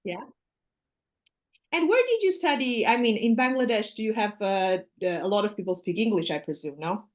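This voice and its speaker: A woman in easy conversation with a student, chatty and encouraging. Her pitch sits in the middle of the range. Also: lively intonation, normal speed. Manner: encouraging, chatty, laughs easily. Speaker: English conversation partner. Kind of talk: casual conversation.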